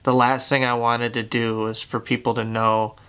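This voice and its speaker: Young man with a bright, clear voice. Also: mid-range voice, flat delivery. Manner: halting, candid, heavy swearing, many fillers. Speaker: YouTuber. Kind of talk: confessional storytelling.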